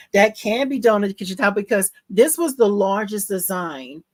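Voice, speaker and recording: A woman's voice: mid-range voice, expressive, moderate pace, no echo. A woman hosting a casual live stream, gushing over her work with squeals and laughs, reading viewer comments aloud and explaining steps. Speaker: livestream host showing embroidery.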